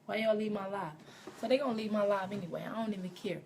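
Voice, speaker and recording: A woman livestreaming a profane comic story on her phone, rambling and growing loud and shrill when worked up. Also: steady tone, fast talker, slight background noise. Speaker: livestream comedian. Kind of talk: comic storytelling on a live stream.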